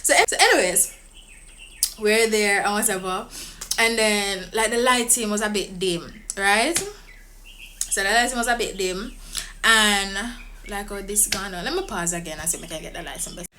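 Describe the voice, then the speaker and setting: A young Jamaican woman vlogger telling a story to the camera in a casual, excitable way. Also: mid-range voice, normal speed, slight background noise. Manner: excitable, animated, laughs often.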